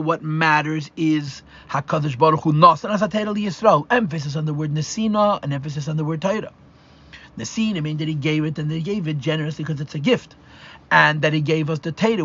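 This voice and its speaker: In a dull lo-fi live class recording, a rabbi lectures on Torah in a voice on the high side with a fairly bright tone. He explains things step by step, weaving in Hebrew and Yiddish terms, and restarts while thinking aloud.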